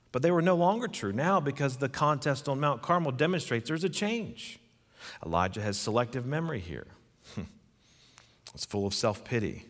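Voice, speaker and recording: A man's voice: mid-range voice, animated, moderate pace, fairly bright tone, in a large hall. A man preaching a sermon, earnest and emphatic, putting questions to his listeners. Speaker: pastor.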